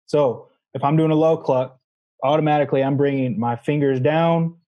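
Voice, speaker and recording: A man guest on a podcast, calmly explaining a hands-on technique and demonstrating sounds. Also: fairly high pitch, normal speed, lo-fi sound. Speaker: guest, goose calling champion. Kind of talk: casual interview answers.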